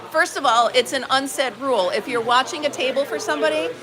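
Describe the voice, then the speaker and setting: A woman from upstate New York hosting a live stream, telling a story in a casual, animated way and acting out quoted dialogue. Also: sits high, fast talker. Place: barn market booth. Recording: busy crowd noise behind.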